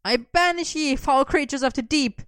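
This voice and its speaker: A woman's voice: high voice, normal speed, a bit bright, no echo, clean studio sound, voice pushed up. A woman reading a story and voicing a playful young man who teases his best friend dryly. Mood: mock heroic.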